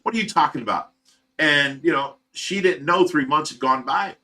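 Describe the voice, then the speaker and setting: This is a livestream host with an Ohio accent, talking casually and at length. His voice sits a little high and sounds bright and forward. He tells the story in a rambling, animated way and acts out the other people's lines. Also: moderate pace.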